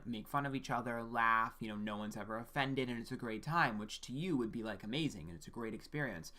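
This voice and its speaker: Here a man with a fairly low, bright, forceful voice reads someone's birth chart as an astrologer. He keeps it casual and frank, speaks straight to the listener, asks "okay?" to check in, and occasionally curses.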